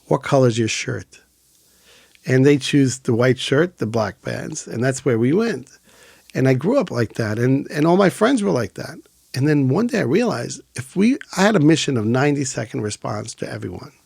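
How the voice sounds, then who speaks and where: A man's voice: mid-range voice, moderate pace, vocal fry, husky, no room sound, studio quality. A middle-aged man from Israel, an organization founder, telling stories in a casual interview and acting out the voices he quotes. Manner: animated storyteller, acts out quoted voices. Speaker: founder of an emergency volunteer organization.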